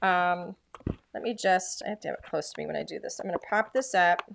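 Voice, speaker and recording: A woman's voice: fairly low pitch, a little fast, creaky, fairly bright tone, slight background noise. A woman demonstrating craft products in a casual, chatty way, full of enthusiasm and filler words.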